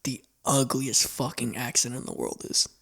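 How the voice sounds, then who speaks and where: A man's voice: mid-range voice, very animated, normal speed, vocal fry, sharp tone, slightly rough. A man co-hosting a podcast, throwing out teasing, provocative questions in casual chat. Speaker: podcast co-host.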